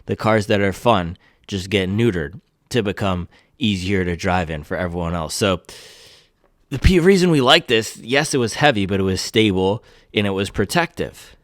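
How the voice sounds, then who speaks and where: Excitable low-voiced man reviewing shoes. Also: moderate pace, no echo, studio quality. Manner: excitable, exclaiming, slangy. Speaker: shoe reviewer. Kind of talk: casual product review vlog.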